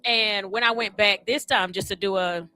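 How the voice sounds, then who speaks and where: A woman's voice: medium pitch, fairly even intonation, normal speed, bright, forceful tone, faint music behind. A woman, hosting a talk radio show and speaking candidly and chattily straight to her listeners. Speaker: radio host. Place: radio studio.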